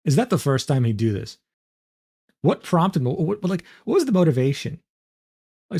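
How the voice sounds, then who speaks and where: Young male streamer, animated mid-range voice, incredulous and profane. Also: a little high, measured pace, gravelly, pauses often. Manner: incredulous, swearing, laughs often. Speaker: streamer reacting to a clip. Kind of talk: casual reaction commentary.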